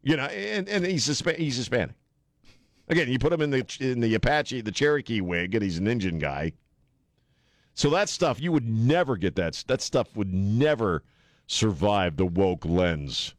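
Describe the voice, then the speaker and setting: Male radio host, blunt and jokey, lively up-and-down delivery, dry close studio mic. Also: moderate pace, dry recording. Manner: blunt, joking, laughs often, lively swoops in pitch. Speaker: radio talk show host. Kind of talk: casual radio banter. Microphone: studio microphone.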